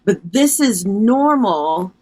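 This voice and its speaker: A woman guest on a podcast, calmly and confidently explaining her ideas. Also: medium pitch, takes it slowly. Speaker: podcast guest, reiki practitioner. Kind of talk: explanatory interview talk.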